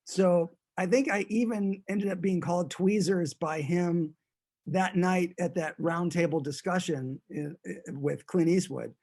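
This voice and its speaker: A man's voice: high voice, steady tone, unhurried, darkish tone. Rambling man telling stories. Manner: rambling, amused, with frequent restarts. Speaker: guest. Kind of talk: casual interview storytelling.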